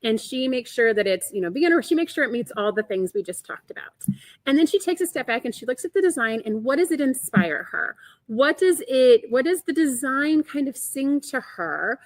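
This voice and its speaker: An upbeat woman hosts a live stream, chatting easily and reacting to viewer comments. Her voice sits a little high, and the sound is dry and close with no room around it. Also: expressive, moderate pace, no echo. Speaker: quilt shop host. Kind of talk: live-stream product talk.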